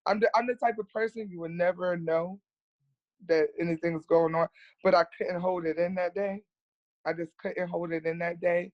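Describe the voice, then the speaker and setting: A woman's voice: fairly low pitch, steady tone, normal speed, no room sound, lo-fi sound. An earnest woman speaks as a guest on a podcast. She tells her story candidly and plainly. She often repeats words to stress them.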